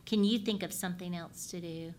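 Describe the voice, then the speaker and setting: Woman as patient gentle dad, reassuring tone, role-play. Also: on the low side, steady tone, brisk, slight background noise, lightly acted. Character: calm, patient, empathetic father.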